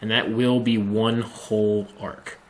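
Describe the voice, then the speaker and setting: A man giving a screen-recorded machining software tutorial, talking slowly and methodically and thinking aloud with frequent ums. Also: on the low side, level tone, slight background noise. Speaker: machining instructor.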